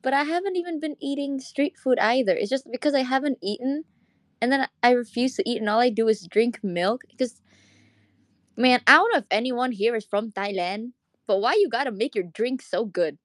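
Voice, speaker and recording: A woman's voice: fairly high pitch, normal speed, no echo. A young woman from Indonesia chatting casually in a live audio room, rambling, swearing freely and laughing often. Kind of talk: casual chat.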